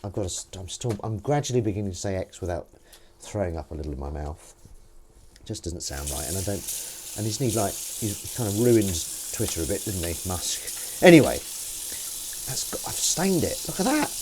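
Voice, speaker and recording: Male streamer host, low-ish voice, bouncy delivery, rambling and silly. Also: sing-song, moderate pace, darkish tone, slight background noise. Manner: chatty, playful, rambling with silly asides. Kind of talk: live-stream chat while washing up.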